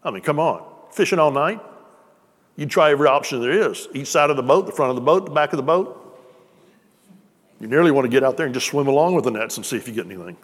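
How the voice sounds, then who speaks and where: A man preaching to his congregation in a loose, conversational way, slipping jokes between his points. His voice sits at an ordinary middle pitch. It rings with the long reverb of a church hall. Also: lively intonation, fast. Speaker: pastor. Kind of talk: sermon.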